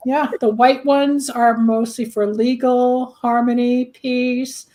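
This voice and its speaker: A woman host with a slightly high voice talks in a loose, chatty way. She explains things through homely examples. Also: level tone, slow pace, warm tone. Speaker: host, candle magic practitioner. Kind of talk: casual talk show chat.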